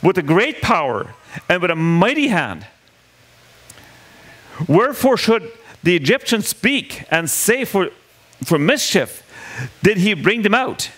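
Man preaching a lively conversational sermon. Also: high voice, slow pace, pauses often. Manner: conversational, asks the audience questions, acts out quoted lines.

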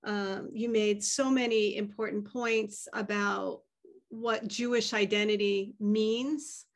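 A woman's voice: medium pitch, fairly even intonation, slow pace. Female moderator with a mid-range voice. Gracious, appreciative wrap-up. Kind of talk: closing remarks.

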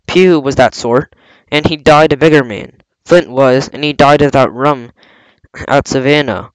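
A man's voice: mid-range voice, unhurried, no room sound, natural voice, low-quality recording. A man reading aloud, voicing a scheming older pirate cook with a coaxing, blustering sailor manner. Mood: scornful.

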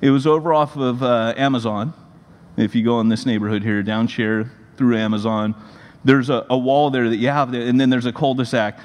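A man in his forties, a pastor, giving a sermon in a conversational, animated storytelling manner. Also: medium pitch, fairly quick. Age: 40s. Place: church sanctuary. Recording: long reverb of a large hall.

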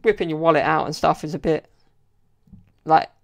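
A man's voice: a little high, normal speed, vocal fry. A young man telling stories in a casual solo podcast, rambling and chatty with lots of "like" and "you know". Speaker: podcast host.

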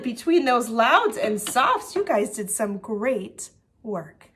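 A woman teacher reading a picture book to young children, with a fairly high voice that rises and falls in wide, lively swoops. She reads slowly, and her tone is a little husky. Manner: expressive storybook reading.

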